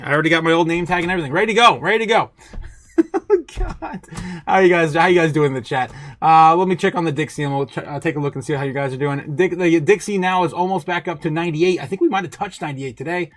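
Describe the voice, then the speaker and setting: A man hosting a market livestream, excitable and quick to laugh, reading viewer chat aloud. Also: a little high, faint music behind. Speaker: host.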